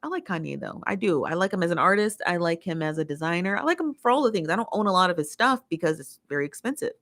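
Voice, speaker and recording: A woman's voice: fairly low pitch, expressive, fast talker, a bit bright. An American woman hosting a casual livestream, reading viewer comments aloud and ranting in an exasperated, opinionated way, repeating herself for emphasis. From United States. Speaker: livestream host.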